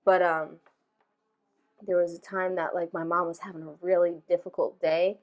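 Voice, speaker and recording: A woman in her thirties hosting a podcast, telling personal stories in a relaxed, reflective way, full of filler phrases. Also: fairly low pitch, moderate pace, highs cut off. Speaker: podcast host. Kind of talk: casual heartfelt conversation.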